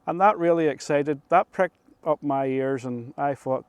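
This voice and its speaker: A middle-aged man with a Northern Irish accent telling a story to camera in an unhurried, chatty way, often restarting his phrases. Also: fairly high pitch, clear, resonant tone, no room sound. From Northern Ireland. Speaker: vlogger. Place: rooftop of an old control tower, outdoors.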